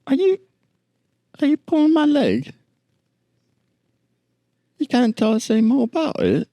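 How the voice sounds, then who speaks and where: A man voicing an indignant foreign male tourist, in a high, strained, incredulous voice. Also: huge pitch swings, measured pace, dark tone, no echo, exaggerated voice.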